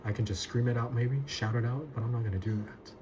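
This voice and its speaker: A man's voice: medium pitch, fairly even intonation, fast, darkish tone, rough recording. A man teaching an expository Bible lesson as a pastor, emphatic and repeating key words for stress. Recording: noticeable background ambience noise.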